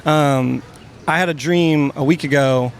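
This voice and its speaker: A man's voice: on the high side, a little slow, a little hiss or hum. A man in his twenties, answering questions on a city street, talking earnestly and rambling with lots of fillers. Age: 20s. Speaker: interviewee. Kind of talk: casual street interview.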